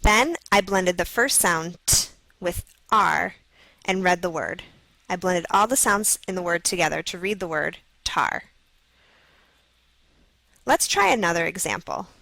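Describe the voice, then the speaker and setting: A woman narrating a scripted phonics video for children, slowly sounding out letters and words. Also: fairly low pitch, pushed and bright, no room sound, low-quality recording. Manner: slow, clearly sounding out letters.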